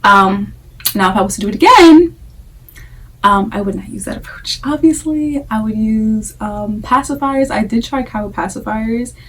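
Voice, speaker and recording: A woman's voice: a little high, moderate pace, a bit bright, far from the mic, poor audio. A young adult woman talking casually to camera about her experience as a mother, candid and chatty, often repeating phrases for emphasis. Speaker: vlogger, breastfeeding mom.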